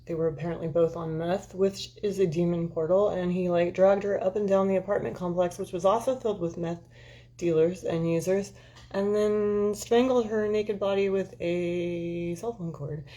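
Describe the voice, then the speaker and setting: A woman's voice: lowish voice, steady tone, normal speed, warm tone. A woman hosting a live stream, chatting with viewers in a rambling, candid and profane way. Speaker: livestream host chatting with viewers. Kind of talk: casual chat.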